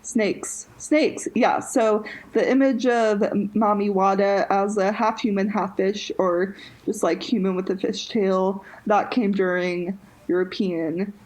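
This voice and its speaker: A woman's voice: medium pitch, steady tone, measured pace, a little mellow, rough recording. A woman co-hosting a podcast, telling a story in a casual chat full of "like" and "um". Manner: chatty, heavy use of "like" and "um". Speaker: podcast co-host.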